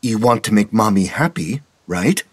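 A man voicing a frightened mother who pleads with and coaxes her child, in a husky voice. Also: fairly low pitch, animated, normal speed, no echo. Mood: coaxing. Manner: pleading, coaxing. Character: pleading anxious mother, woman, soothing.

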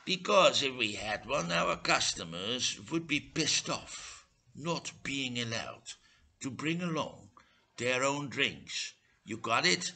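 A man's voice: medium pitch, sing-song, takes it slowly, gravelly, sharp tone, slightly rough, exaggerated voice. A man voicing a curt, impatient young waiter at a beach bar, a mocking lad. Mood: blunt, impatient.

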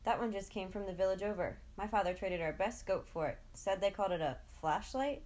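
A woman's voice: mid-range voice, brisk, darkish tone, natural voice. A woman doing a friendly young village boy.

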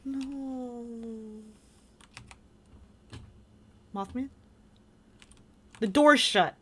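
A woman's voice: on the high side, extremely slow, fairly bright tone, breathy edge. A woman giving casual, sweary gameplay commentary, chatting to her viewers and jumping at scares. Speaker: gaming video creator.

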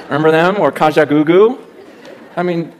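A middle-aged man preaching a sermon as pastor, telling a story in an animated way and swinging between loud bursts and hushed asides. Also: on the high side, normal speed, slight background noise.

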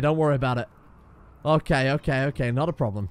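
A man's voice: medium pitch, fast talker, clean tone. A man giving sarcastic, exasperated let's play commentary, swearing often, with faint music behind him. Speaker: gaming YouTuber.

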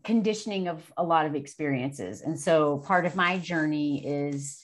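A woman's voice: sits low, normal speed. Candid, laughing woman in her forties. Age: 40s. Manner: frank and profane, laughing easily. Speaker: guest. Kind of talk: candid casual chat.

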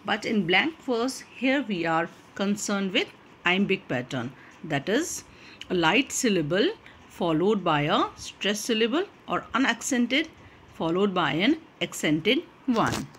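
A woman giving a recorded literature lecture, explaining terms slowly and repeating points with many fillers. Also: mid-range voice, very animated, a bit bright, slight background noise.

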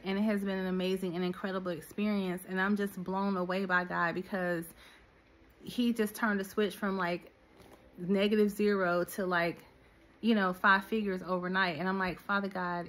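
A middle-aged woman minister and business coach preaching to her listeners in an animated, direct way. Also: medium pitch. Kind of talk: sermon-style teaching.

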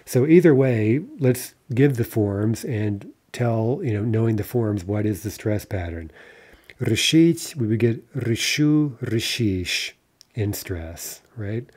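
A man's voice: lowish voice, animated, slow, warm tone. A man teaching a recorded language lesson over slides, explaining step by step and often checking with "right?". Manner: explanatory, frequent "right?" tag questions.

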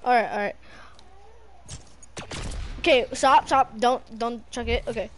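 A young woman playing a video game with a friend, yelling, swearing and joking. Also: fairly high pitch, steady tone, unhurried, a little hiss or hum. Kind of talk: casual gaming chat.

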